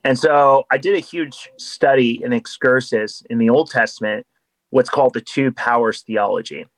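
A man's voice: medium pitch, normal speed, dry recording, low-quality recording. A man, a podcast guest, talking in an earnest, explanatory way in casual conversation.

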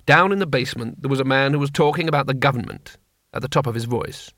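A man reading an audiobook in a measured, wry style on a close studio mic. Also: medium pitch, fairly bright tone, no echo. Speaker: audiobook reader. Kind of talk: scripted narration.

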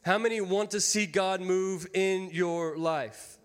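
A man in his thirties preaches to his church in a high, light voice, folksy and quick to joke with the congregation. His words ring out with a long hall reverb around them. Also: steady tone, smooth. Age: 30s. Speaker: pastor. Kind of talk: sermon. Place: church sanctuary.

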